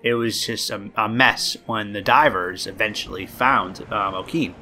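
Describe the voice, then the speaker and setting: A man's voice: lowish voice, steady tone, a little slow, bright, forceful tone, slight background noise. A man hosting a podcast, telling a true story casually and rambling with many ums and uhs. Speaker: podcast host.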